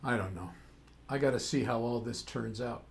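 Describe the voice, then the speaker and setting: A man's voice: medium pitch, normal speed, vocal fry, natural voice. A man playing a cynical old Texas senator. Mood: weary. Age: older. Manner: sardonic, grumbling and exasperated. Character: weary aging male Texas senator, cynical father. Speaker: actor in a play. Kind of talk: stage-play dialogue.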